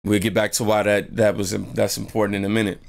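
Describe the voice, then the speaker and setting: Gravelly man telling a story. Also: fast talker. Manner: animated, slangy storytelling, jumps into high-pitched voices for quotes. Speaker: channel host. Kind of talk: storytime vlog.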